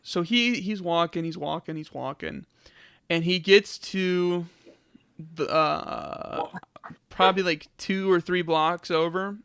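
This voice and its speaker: Young man, casual podcast chat, laughs a lot, lively storyteller. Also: high voice, slow, smooth. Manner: laughs often, animated retelling. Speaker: podcast co-host. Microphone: podcast mic.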